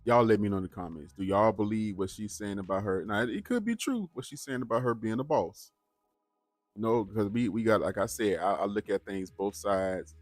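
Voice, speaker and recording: A man's voice: on the low side, normal speed, dry recording, faint music behind. A man hosting a reaction channel, talking casually and straight to his viewers, often repeating words as he goes. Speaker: host of a bodycam reaction channel.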